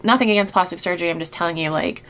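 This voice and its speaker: A woman's voice: lowish voice, racing, fairly bright tone. A woman giving reaction commentary on a video, indignant and exasperated, with frequent sighs. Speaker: YouTube commentator.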